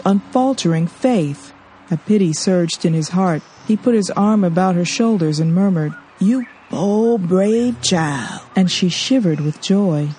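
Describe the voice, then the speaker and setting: A woman narrating a novel in a measured, expressive audiobook reading. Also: fairly low pitch, a little hiss or hum.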